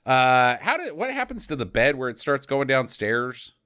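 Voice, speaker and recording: Animated sarcastic man recapping a movie. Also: mid-range voice, moderate pace, clear, resonant tone. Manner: rambling, sarcastic, breaks into mocking quoted voices. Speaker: podcast co-host. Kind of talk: casual movie recap chat.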